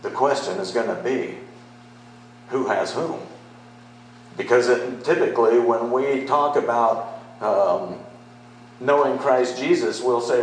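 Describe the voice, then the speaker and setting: Slow, low-voiced pastor in an echoey hall. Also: male voice, slight background noise. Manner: conversational preaching, rising to emphatic declarations. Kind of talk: sermon.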